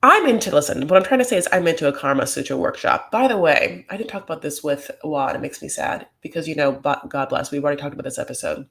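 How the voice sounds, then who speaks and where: A man's voice: fairly high pitch, lively intonation, fast talker, hardly any pauses, pushed and bright. A man hosting a comedic reality TV recap, talking in a rambling, campy way full of fillers.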